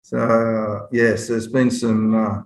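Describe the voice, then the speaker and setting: A man, a former footballer, telling stories in an interview with lively restarts and repeats. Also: on the low side, very slow. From Australia. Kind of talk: storytelling interview. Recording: roomy echo.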